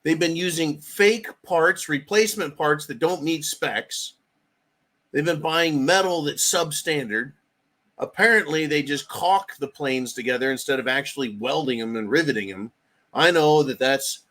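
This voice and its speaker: A man's voice: a little high, moderate pace, fairly bright tone. Sarcastic ranting man host. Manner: sarcastic and profane. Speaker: host of a political commentary channel. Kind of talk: ranting political commentary.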